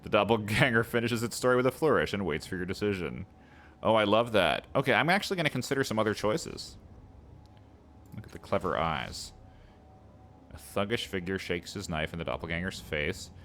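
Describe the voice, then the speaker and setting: Low-voiced man reading a game aloud. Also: animated, brisk, a bit bright, slight background noise. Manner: playful, chatty asides to viewers. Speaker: let's play host.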